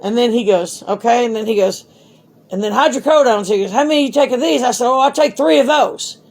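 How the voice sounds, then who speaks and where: A woman's voice: on the high side, fairly quick, gravelly, darkish tone. A middle-aged woman, a mother telling her grown son blunt stories in casual talk, swearing freely. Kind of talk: casual storytelling.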